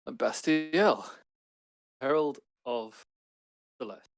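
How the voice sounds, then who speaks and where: A man voicing a bewildered angelic herald in a tabletop game, speaking quietly and hesitantly. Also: medium pitch, slow, creaky.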